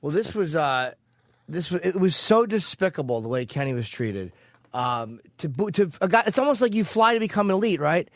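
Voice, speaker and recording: A man co-hosts a radio talk show, venting indignantly in casual banter. His voice is high for a man. The sound is close and dry. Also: very animated, fairly quick, dry recording. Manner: indignant ranting.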